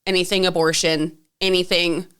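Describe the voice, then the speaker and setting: Smooth-voiced woman telling stories. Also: lowish voice, little pitch movement, normal speed, a bit bright. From Canada. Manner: chatty storyteller, acts out quotes. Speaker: podcast co-host. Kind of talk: casual chat.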